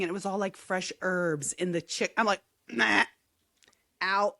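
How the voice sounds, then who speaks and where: A woman co-hosting a podcast in casual chat, telling playful, animated stories. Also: medium pitch, normal speed, gravelly, no echo, studio quality. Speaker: podcast co-host.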